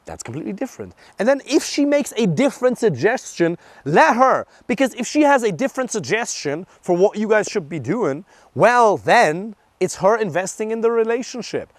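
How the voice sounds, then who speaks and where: A man's voice: high-pitched, big pitch swings, moderate pace, no room sound. A young adult man, a dating coach, giving blunt and emphatic advice in a direct monologue, swearing for emphasis.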